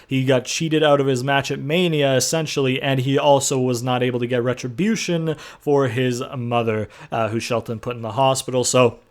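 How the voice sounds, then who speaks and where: A man's voice: medium pitch, steady tone, normal speed, hardly any pauses. Laid-back young man recapping a game. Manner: rambling, filler-heavy, laid-back with casual swearing. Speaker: gaming video host. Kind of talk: casual game commentary recap.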